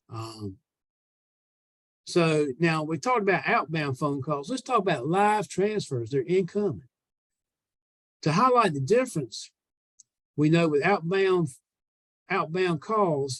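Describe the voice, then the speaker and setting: A man's voice: fairly high pitch, no room sound. A man with a Southern American accent giving a sales coaching talk, plainspoken and emphatic as he walks through example phone calls. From United States. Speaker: sales trainer.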